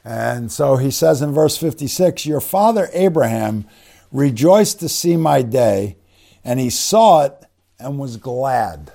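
Male preacher, gravelly tone, mellow, conversational bible teaching, fillers and restarts. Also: mid-range voice, expressive. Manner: spells out Greek words slowly.

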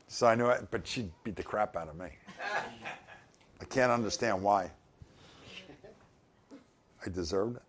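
A man's voice: lowish voice, measured pace, long pauses. A middle-aged man giving an informal sermon, conversational with chuckling asides. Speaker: pastor.

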